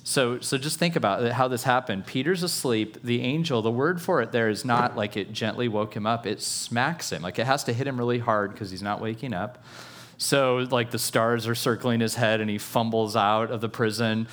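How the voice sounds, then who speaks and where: A male preacher delivering a sermon at a middle pitch, loose and chatty. He drops self-aware jokes and checks in with the congregation as he goes. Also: moderate pace, a bit bright. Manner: playful, self-aware humor, conversational asides. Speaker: pastor.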